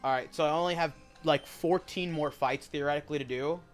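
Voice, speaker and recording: A man's voice: fairly high pitch, fairly quick, soft background music. Rambling, opinionated young man streaming a game. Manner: rambling, opinionated, swears freely. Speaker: gaming streamer. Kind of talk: casual gameplay commentary.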